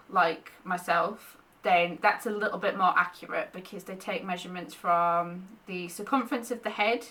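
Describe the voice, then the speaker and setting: A woman's voice: on the low side, pushed and bright, recorded from a distance. Breathless woman chatting to camera. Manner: chatty, laughs often, restarts sentences. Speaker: vlogger sharing pregnancy updates. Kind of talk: casual chat to camera.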